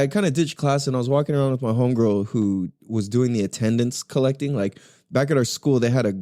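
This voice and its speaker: A man's voice: mid-range voice, dark tone, dry recording, clean studio sound. Slangy, swearing young man telling stories. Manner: profane, filler-heavy slangy storytelling. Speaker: podcast host. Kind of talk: casual storytelling.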